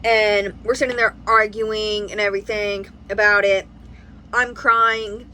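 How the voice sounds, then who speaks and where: Young american woman rambling thru a storytime vlog, bright punchy voice, faint background noise. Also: medium pitch, unhurried, rough recording. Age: 20s. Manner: rambling, animated retelling with quoted dialogue. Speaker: family vlogger.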